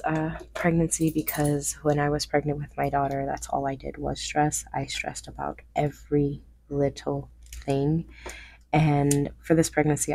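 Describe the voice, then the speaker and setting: Low, gravelly-voiced woman chatting while crafting. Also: darkish tone, dry recording. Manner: chatty, laughs often, restarts sentences. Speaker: crafter vlogger. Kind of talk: casual chat while crafting.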